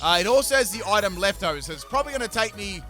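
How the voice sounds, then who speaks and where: A man's voice: sits high, lively intonation, rapid-fire, pushed and bright, soft background music. A young man hosting a gaming channel, giving chatty, joking commentary over his battles. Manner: chatty, joking, self-mocking asides. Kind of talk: casual game commentary voice-over.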